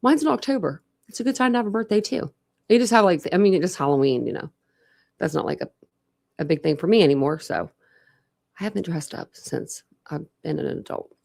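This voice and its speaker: A fairly low, gravelly, somewhat mellow voice belongs to a young Ohio woman greeting viewers on her true crime livestream. She talks a little fast and animatedly, her words shaped by a dental retainer. Her chatter meanders, thick with "like."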